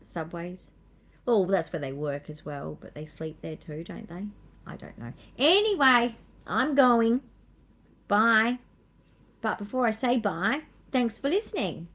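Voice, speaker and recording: A woman's voice: on the low side, a bit bright, slight background noise. An Australian woman vlogging in a rambling, chatty way, with playful asides and small laughs. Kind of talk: casual chat.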